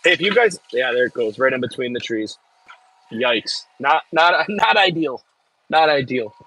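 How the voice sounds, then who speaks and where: This Midwestern man, a farm worker, goes live from an excavator, casually reading off viewer comments and cracking jokes about them. He speaks in an animated, mid-range voice at a normal pace, bright and forceful, over a rough recording with a bit of hiss or hum.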